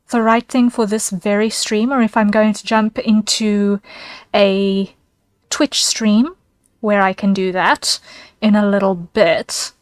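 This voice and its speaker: A woman's voice: medium pitch, dry recording. A woman streaming as a VTuber, chatting casually with her viewers, giggling and thanking them by name.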